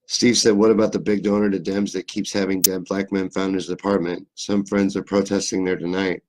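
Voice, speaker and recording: A man's voice: deep voice, flat delivery, a little fast, a little mellow, slight background noise. A young man with a faint Southern US accent, hosting a live stream and chatting loosely through viewer comments, joking and swearing freely as he rambles. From Kentucky, USA. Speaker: livestream host. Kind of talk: casual live-stream chat reading comments.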